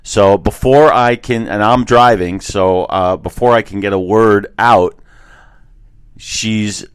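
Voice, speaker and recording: A man's voice: lowish voice, slow pace, clear, resonant tone, dry recording. A man co-hosting a podcast from a hotel room, chatting casually and laughing as he tells stories. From Florida. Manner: laughing, animated storyteller, plays up a lost voice as a joke. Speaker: podcast co-host. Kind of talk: casual chat.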